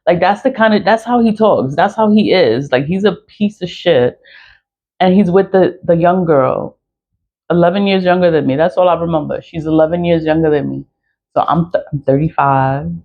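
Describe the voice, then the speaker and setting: A woman's voice: lowish voice, normal speed. A woman in her forties telling a personal story in a blunt, profane, casual rant, laughing often. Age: 40s. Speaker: spiritual products seller. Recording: dull lo-fi recording.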